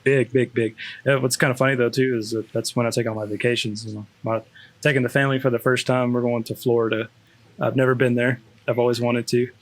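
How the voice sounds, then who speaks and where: A man's voice: mid-range voice, level tone, fast. A man, a school district network specialist, chatting casually with many restarts and fillers. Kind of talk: casual chat.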